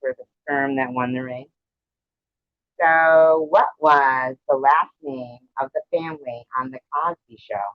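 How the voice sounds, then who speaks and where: A man's voice: medium pitch, steady tone, measured pace, dry recording. A man hosting a casual trivia livestream from home, keeping score and teasing the players in a chatty way. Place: at home with a cat. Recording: dull, dry lo-fi stream audio.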